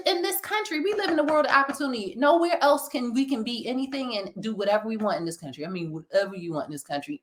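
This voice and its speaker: Animated ranting woman with a Philly accent. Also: a little high. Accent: Philadelphia. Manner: animated, preachy, laughs often. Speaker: podcast co-host. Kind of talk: casual ranting chat.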